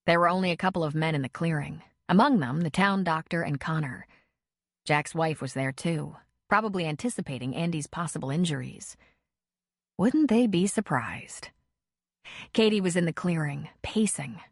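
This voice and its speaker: A woman narrating an audiobook in a measured, even reading voice. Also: low-pitched, no room sound, studio quality. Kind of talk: scripted narration.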